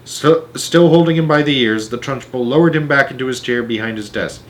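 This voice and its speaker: A man reading a children's book aloud, animated, often stumbling and correcting himself. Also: mid-range voice, a little fast. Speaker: storyteller.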